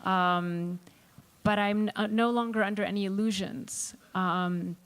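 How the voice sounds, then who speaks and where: A woman author speaking on a festival panel, reflective and halting, with frequent ums and restarts. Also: mid-range voice, steady tone.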